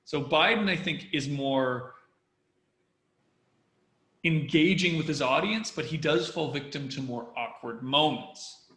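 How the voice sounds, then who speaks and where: A man talks through a critique of political speeches in a measured, analytical way. His voice sits a little high and sounds bright and forceful. The room around him rings with echo. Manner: measured, acts out phrasings to make a point. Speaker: public speaking commentator. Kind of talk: analytical discussion.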